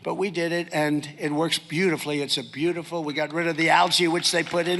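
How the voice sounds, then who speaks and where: A man's voice: fairly high pitch, fairly quick, gravelly, sharp tone. An older man giving a rambling, boastful rally speech, drifting between stories. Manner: boastful, digressive.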